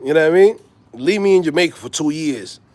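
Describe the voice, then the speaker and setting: A man's voice: a little high, animated, quick pace, a little mellow. A man from New York with a New York accent, chatting casually on a livestream, slangy and laughing often. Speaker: host.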